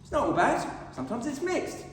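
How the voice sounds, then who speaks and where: A man's voice: very high voice, a little fast, slight background noise. A middle-aged man giving a humorous, self-deprecating speech at a speaking club. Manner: animated self-deprecating storytelling. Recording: echoey hall from far off.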